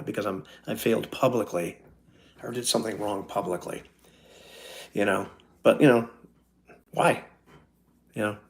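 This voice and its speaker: A man's voice: medium pitch, darkish tone. A man chatting casually on a live stream, rambling and self-deprecating, talking straight to his viewers from a friend's house. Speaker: YouTuber doing a live stream.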